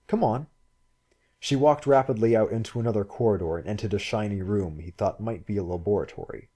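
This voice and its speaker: Low, husky male narrator. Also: fast, mellow. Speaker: audiobook reader. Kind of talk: scripted narration.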